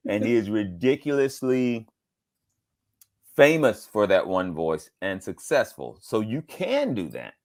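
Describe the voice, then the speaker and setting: A middle-aged man from Georgia, a voice actor being interviewed, telling animated stories and acting out quotes in different voices. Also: fairly low pitch, a little slow. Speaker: voice actor guest. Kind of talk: casual interview storytelling.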